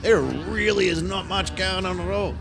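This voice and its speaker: A man's voice: sits high, moderate pace, gravelly, fairly bright tone, slight background noise. Crude, mocking Australian man. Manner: crude, mocking, swears freely, laughs at own jokes. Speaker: live show host. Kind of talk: sarcastic live commentary on protest footage.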